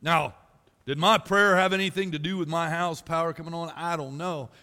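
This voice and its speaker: A man preaching from the pulpit, his voice high and bright. He moves between folksy storytelling and loud emphatic peaks. The sound rings with a long reverb from the church hall. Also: fairly even intonation, normal speed. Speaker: pastor. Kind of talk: sermon. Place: church sanctuary.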